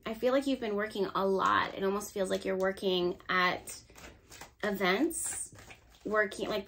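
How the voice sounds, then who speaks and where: A woman's voice: mid-range voice, fairly bright tone, slight background noise. A woman giving a casual tarot reading to camera, chatty and encouraging, talking straight to her viewers. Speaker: tarot reader.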